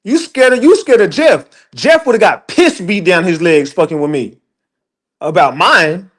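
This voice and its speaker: A man's voice: high voice, expressive, a little slow, a bit bright, breathy edge. A man ranting on a livestream, profane and emphatic, talking straight to his chat. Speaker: livestream commentator. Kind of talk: heated livestream rant.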